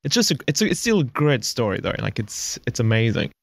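A man's voice: mid-range voice, very animated, a little fast, vocal fry, breathy edge, no echo, studio quality. A man hosting a podcast interview, chatting casually and laughing often. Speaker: podcast host.

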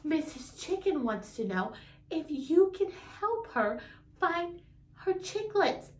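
Children's teacher, woman, very high sing-song voice, unhurried, off-mic in an echoey room. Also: sing-song, a little mellow, distant mic. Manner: imitates animal sounds. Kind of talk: toddler learning video.

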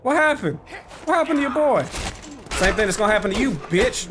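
Guy cussing out a video game, high lively voice, game music behind. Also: fairly quick. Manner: profane trash talk at the game. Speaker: gameplay commentator. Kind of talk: let's play commentary. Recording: game audio and music under voice.

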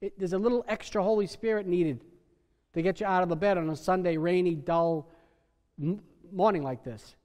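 A middle-aged man preaches from the pulpit, his voice pitched high for a man and ringing through a church with a long reverberant tail. He leans hard on key words, then drops to near-quiet before building again. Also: moderate pace. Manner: emphatic preacher, swings from soft to loud. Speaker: pastor. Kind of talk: sermon. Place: church sanctuary.

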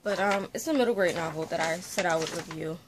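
A woman vlogging a casual book review from her bedroom, talking into a phone on a selfie-stick tripod, rambling and animated with lots of fillers. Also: lowish voice, fast, noisy background. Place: bedroom at home.

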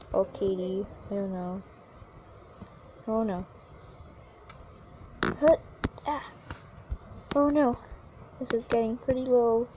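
A woman giving casual, excitable commentary on her own gameplay, yelping whenever she falls. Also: fairly high pitch, highs cut off, a little hiss or hum. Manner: chatty and excitable, yelps when falling. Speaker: gaming YouTuber.

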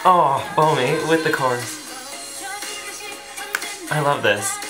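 A man's voice: mid-range voice, takes it slowly. A man hosting a reaction video, gushing with breathless fanboy exclamations as he reacts to a music video. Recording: roomy echo with faint music.

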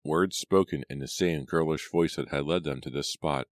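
A man reading a horror audiobook aloud in a dramatic, measured way. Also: rumbling low, dry recording. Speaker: audiobook narrator. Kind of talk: scripted narration.

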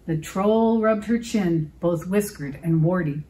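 A woman librarian reading a picture book aloud to children, expressive and stopping to ask them questions. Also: on the low side, a little slow, hardly any pauses, rough recording.

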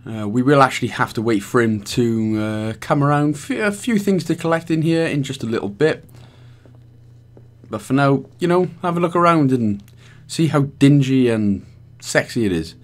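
A man's voice: mid-range voice, animated, normal speed. A man with a Welsh accent giving chatty, rambling, self-mocking walkthrough commentary as a gaming guide host.

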